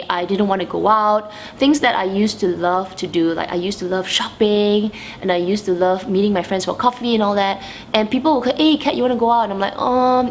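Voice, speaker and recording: Woman vlogger, candid personal talk, halting restarts, mid-pitched voice, faint background noise. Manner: halting, with many restarts and quoted inner voices. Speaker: vlogger answering viewer questions.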